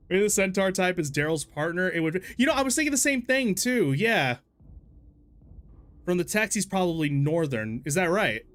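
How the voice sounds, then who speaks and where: A man's voice: sits high, big pitch swings, a little slow, pauses often, a bit bright. A man streaming a story game, rambling casually, swearing freely and laughing at himself. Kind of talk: casual let's-play commentary.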